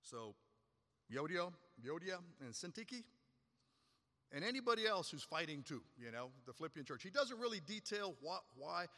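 A pastor preaching a sermon, swinging between loud, high stresses and quiet, low drops. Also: male voice, sing-song, normal speed, in a large hall.

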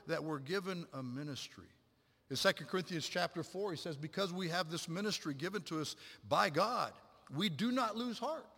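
Middle-aged male pastor preaching in a reverberant hall. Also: on the high side. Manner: animated storytelling, acts out quotes, swings from loud to hushed. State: a little out of breath. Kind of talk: sermon.

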